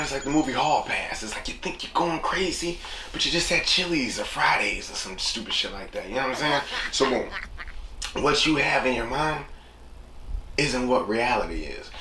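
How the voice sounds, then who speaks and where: A man hosting a casual solo podcast, talking loosely and slipping into voices when he quotes people. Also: medium pitch. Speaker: podcast host. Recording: echoey room with noticeable background noise.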